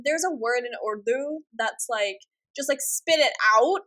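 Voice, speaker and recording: A woman's voice: high voice, a little slow, fairly bright tone. A woman co-hosting a podcast, chatting casually with blunt, exasperated commentary and swearing. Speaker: podcast co-host. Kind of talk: casual chat.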